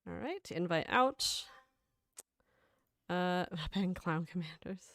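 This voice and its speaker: A woman's voice: fairly low pitch, lively intonation, slow, fairly bright tone, dry recording, clean studio sound. A woman hosting a gaming livestream, reading chat aloud in a rambling, casual way and laughing often. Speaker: livestream host.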